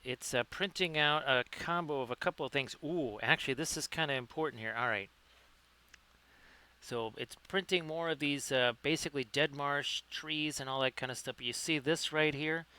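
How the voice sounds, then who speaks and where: A male host chats through a live-streamed miniature painting lesson. His voice is bright and crisp. He stays upbeat, greets viewers by name and corrects himself mid-sentence. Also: a little high, normal speed. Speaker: livestream host, painting tutor.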